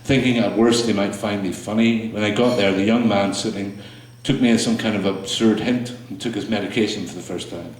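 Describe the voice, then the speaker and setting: Low-voiced man reading poems in an echoey room. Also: fairly even intonation, slight background noise. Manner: slow, halting delivery with fillers between poems. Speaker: poet performing his work. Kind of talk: spoken word poetry reading. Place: small room with audience. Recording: echoey room, mic far off.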